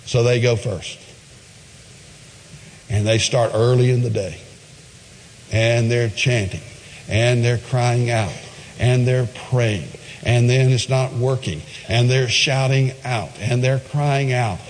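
A man preaching a sermon, retelling a Bible story with lively acted-out quotes and shifting emphasis. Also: mid-range voice, slow pace, big-room sound, slight background noise. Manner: animated preaching, acts out voices in Bible quotes. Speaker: pastor.

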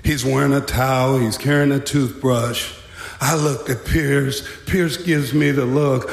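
A man's voice: mid-range voice, unhurried. A man telling a wry, dramatic story about his time as a prison guard. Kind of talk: storytelling talk. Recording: echoey hall.

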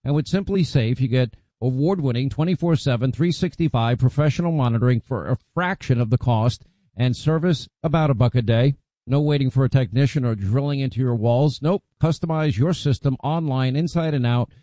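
A man's voice: medium pitch, a little fast, mellow, no echo. A man reading a sponsor ad on radio in a conversational, emphatic way. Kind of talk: read radio ad.

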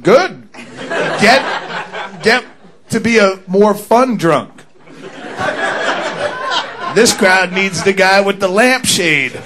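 A high-pitched man works a stand-up set with a crude, swearing, barroom swagger. He talks slowly, dragging his words out. A live club crowd laughs loudly behind him. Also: animated. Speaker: stand-up comedian.

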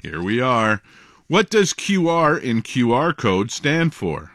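A man's voice: mid-range voice, big pitch swings, slow pace, fairly bright tone. A man co-hosting a call-in trivia radio show, reading out the quiz questions. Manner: reads questions aloud, casual asides.

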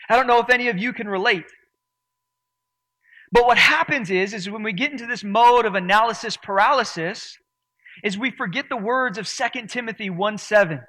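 Preaching earnestly to his congregation, a pastor leans on certain words for emphasis. His voice is noticeably high with a sharp tone.

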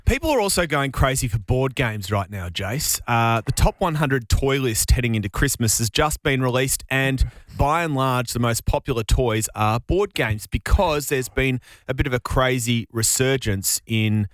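A man's voice: medium pitch, animated, normal speed, hardly any pauses, a bit bright, dry recording. An Australian man co-hosting breakfast radio in a laid-back, playful way. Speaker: radio co-host.

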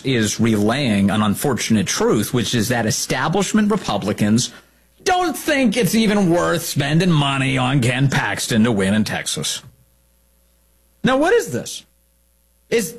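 A man's voice: on the high side, big pitch swings, measured pace, breathy edge. A man hosting opinionated political commentary, sarcastic, indignant and emphatic in his delivery.

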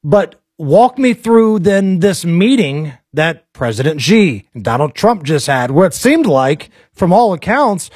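An American man with a high, light voice hosts a political talk show. He is blunt and opinionated and fires off animated bursts of talk. The sound is dry and close. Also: unhurried, hardly any pauses, slightly rough, dry recording.

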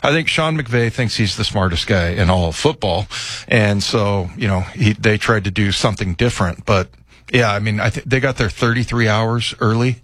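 A man's voice: on the low side, normal speed, a bit bright, no echo. A man co-hosting a sports talk show, chatting casually about football with lots of fillers and restarts. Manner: rambling, many fillers and restarts. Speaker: sports radio co-host.

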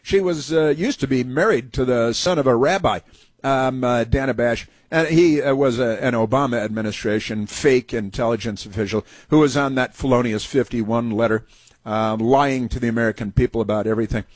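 A husky-voiced man hosts a talk show, riffing through a sarcastic and indignant monologue. His voice sounds dry and close, with no room around it, and he keeps scoffing at what he describes. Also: mid-range voice, fairly quick, no room sound. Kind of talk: opinionated talk radio monologue.

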